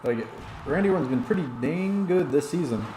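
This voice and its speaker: A man's voice: on the high side, expressive, brisk, roomy sound, noisy background. A tipsy man streaming and giving rambling play-by-play commentary on a wrestling video game, chatting back to his viewers.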